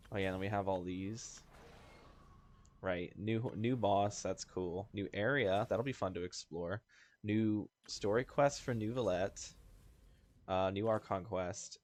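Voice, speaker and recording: A man casually chatting and rambling while playing a game, laughing often and joking about himself. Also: on the low side. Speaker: gaming video host. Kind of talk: casual let's-play commentary. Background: faint game music.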